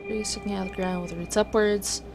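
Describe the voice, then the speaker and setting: A woman's voice: medium pitch, fairly even intonation, fast, gravelly, over music. Woman casually reading a text game aloud. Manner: casual, wry asides between narration.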